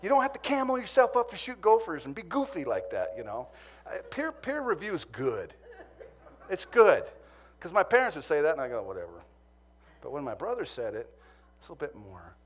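A man's voice: a little high, huge pitch swings, brisk, slightly rough. Man from Montana preaching through a story. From Montana, USA. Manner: humorous storytelling, growing earnest. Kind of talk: sermon with personal story.

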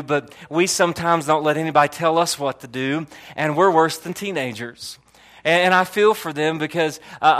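High-voiced pastor preaching with loud bursts. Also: male voice. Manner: storytelling, many restarts and fillers, swings from low murmur to loud bursts. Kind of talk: sermon. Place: church hall.

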